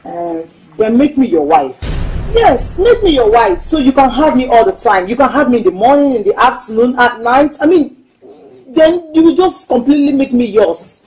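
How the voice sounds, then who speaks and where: A young Nigerian girlfriend pleading softly with her lover. Her voice is mellow and fairly high, with a lively rise and fall. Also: moderate pace, poor audio. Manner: pleading then hurt, soft. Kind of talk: Nollywood film acting.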